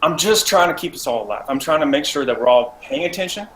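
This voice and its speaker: A high-voiced man arguing heatedly in character during a tabletop game session. He stammers and sounds defensive. The room is echoey, with faint noise behind him. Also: expressive, fast talker. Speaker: player.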